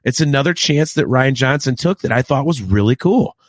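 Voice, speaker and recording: A man hosting a casual podcast chat, talking in an excitable, profane, ranting way. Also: mid-range voice, fairly quick, no room sound. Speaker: podcast host.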